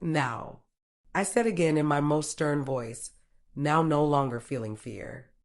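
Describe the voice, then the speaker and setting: A woman tells a first-person story in a low, steady voice. Her narration is plain and direct, sprinkled with casual swearing. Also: unhurried.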